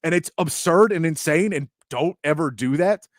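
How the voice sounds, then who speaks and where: A man's voice: on the high side, normal speed, no echo, clean studio sound. A man hosting a sports talk show, chatting casually and acting out quotes in mock voices.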